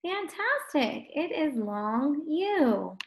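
Woman, first grade teacher; higher voice, unhurried, praising and patient. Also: big pitch swings. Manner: slow, encouraging, drawn-out words for children. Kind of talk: phonics lesson for young children.

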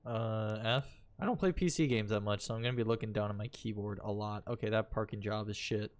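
A man's voice: fairly low pitch, brisk. Male streamer, horror let's play, loose and jokey, swears a lot. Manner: joking, profane, laughs often. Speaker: gaming streamer.

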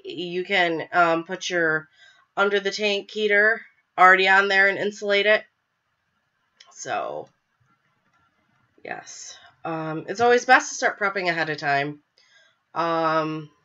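Woman host with a cold, stuffy, bright and forceful, chatty and a bit apologetic, dull webcam sound. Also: lowish voice. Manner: chatty, filler-heavy, apologetic. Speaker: podcast host. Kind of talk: casual live show chat.

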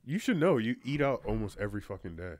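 A young man co-hosting a casual podcast, animated and acting out quotes in loud high voices. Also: fast talker, dry recording, studio quality. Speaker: podcast co-host.

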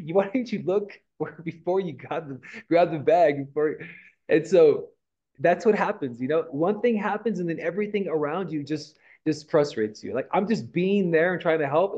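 Guy giving a pep talk at a morning team meeting, laid back, lots of "right?" and "okay?", warm low-key tone, kinda muffled sound. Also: moderate pace. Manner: casual, rambling, with mild swearing and frequent "right?" and "okay?". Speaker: real estate team leader.

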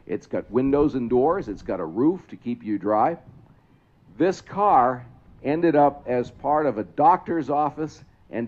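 Over lo-fi sound, a man with a medium-pitched, darkish voice gives public address commentary at an outdoor trolley museum event. He announces the trolley parade, explains things and asks the crowd questions.

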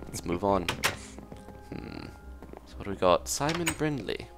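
A man's voice: on the low side, big pitch swings, a little slow, loud music behind the voice. Jokey man playing a pompous detective. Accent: put-on English. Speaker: gaming video host. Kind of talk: in-character let's play commentary.

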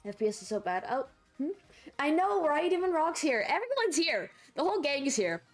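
A woman streamer chatting casually with her viewers during a game livestream, rambling and excitable, quick to shriek and laugh. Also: high voice, soft background music.

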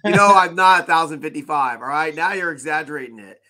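A man's voice: a little high, quick pace, sharp tone, no echo. A man co-hosting a podcast, protesting in mock indignation and joking back at the others. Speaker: podcast co-host. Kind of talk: casual chat.

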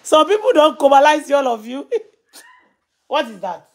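A woman's voice: high voice, very animated, measured pace. A woman in her thirties with a Nigerian Yoruba accent, chatting casually on a live stream, laughing often and reading viewer comments aloud. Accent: Nigerian, Yoruba-speaking.

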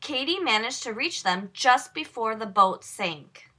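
A woman reads a children's picture book aloud in a slow, unhurried way. Her voice is bright and a little high, and it rises and falls a lot as she tells the story. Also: expressive. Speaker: storybook reader. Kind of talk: children's read-aloud narration.

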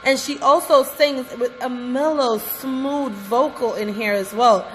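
A woman's voice: high voice, a little slow, a bit bright. Gushing woman vlogger, reverberant room. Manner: gushing, effusive, keeps addressing viewers as guys. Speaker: reaction vlogger. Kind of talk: music reaction commentary. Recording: reverberant room with faint music. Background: faint music from the reacted video.

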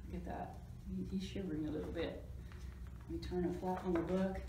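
A woman librarian reading a picture book aloud to children, with animated, chatty asides about the pictures. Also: fairly low pitch, brisk. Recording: roomy echo, distant mic, faint noise.

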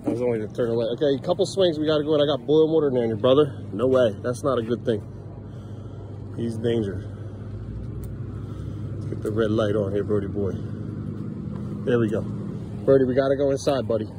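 A man's voice: mid-range voice, a little fast, pauses often, noisy background. A middle-aged man, a father filming a home vlog, exasperated and scolding as he keeps repeating commands to his kids. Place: family home, indoors and yard.

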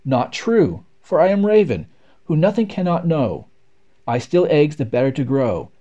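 A man's voice: fairly high pitch, big pitch swings, moderate pace, mellow, dull audio. A man voicing a swaggering, cunning raven who boasts in a rapping cadence in a storybook poem. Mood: boastful.

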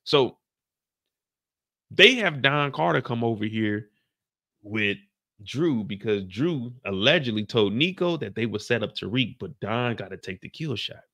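A man's voice: medium pitch, unhurried. A young man hosting a casual reaction show, recapping an episode and acting out scenes in voices. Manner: animated, acts out scenes in voices.

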